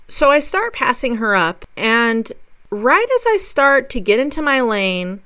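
A woman's voice: on the high side, measured pace, clean tone. A woman telling a personal story on her podcast, in a conversational way that acts out the dialogue. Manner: conversational, lively retelling with quoted dialogue.

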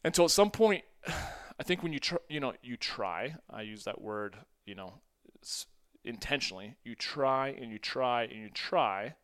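A man's voice: mid-range voice, fairly bright tone. A man in his forties talks through a solo podcast episode in a loose, conversational way. He is self-deprecating and breaks into short laughs between phrases. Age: 40s. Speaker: podcast host. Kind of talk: casual solo podcast monologue.

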